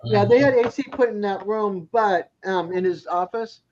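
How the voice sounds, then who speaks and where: A man's voice: high-pitched, moderate pace, darkish tone. A man with a Boston accent chatting casually on a live stream, laughing often. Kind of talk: casual chat. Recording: dull lo-fi stream audio.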